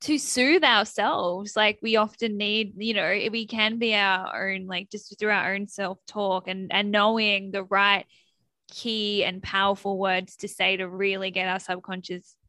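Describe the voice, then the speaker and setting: Bright, enthusiastic woman podcast host. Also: medium pitch, fairly even intonation, unhurried, no echo. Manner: enthusiastic, affirming, chatty. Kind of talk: conversational podcast interview.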